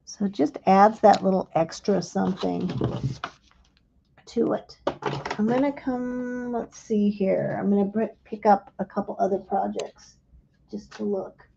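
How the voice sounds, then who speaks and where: Gravelly, mellow woman teaching crafts. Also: medium pitch, dull audio, slight background noise. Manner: gentle, unhurried step-by-step explaining. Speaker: craft instructor. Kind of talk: live crafting demonstration.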